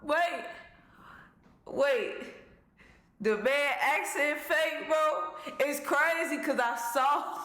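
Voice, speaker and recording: A man's voice: extremely high pitch, sharp tone, echoey room. A man casually commenting on a clip for a reaction video, laid-back and slangy.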